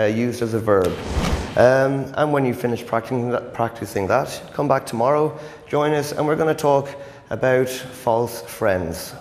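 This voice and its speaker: A man's voice: mid-range voice, a little mellow. A man teaching a demonstration English lesson in a chatty, joking way, speaking directly to learners. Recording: echoey hall with faint noise.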